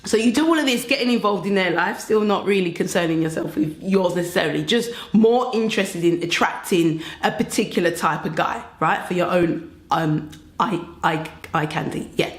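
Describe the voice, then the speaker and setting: A young woman giving relationship advice to camera in a chatty, animated way, acting out little scenes as she goes. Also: on the low side, normal speed. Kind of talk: casual advice monologue to camera. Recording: roomy echo.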